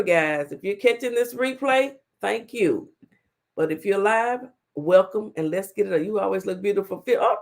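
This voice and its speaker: A woman hosting a casual live stream, chatting and greeting viewers by name with sassy asides before reading court transcripts aloud. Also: mid-range voice. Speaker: talk show host.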